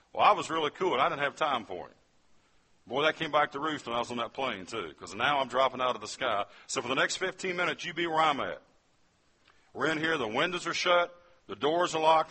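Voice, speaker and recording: A man's voice: medium pitch, pushed and bright, breathy edge. A man from West Virginia telling a testimony as a sermon, speaking straight to his listeners as he tells his story. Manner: storytelling, addresses the audience directly.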